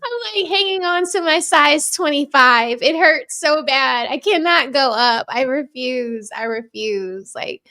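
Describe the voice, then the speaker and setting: A woman's voice: high-pitched, a little slow, few pauses, pushed and bright. A young adult woman co-hosting a casual podcast chat, laughing often as she talks. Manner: giggly, laughs often between remarks. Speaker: podcast co-host.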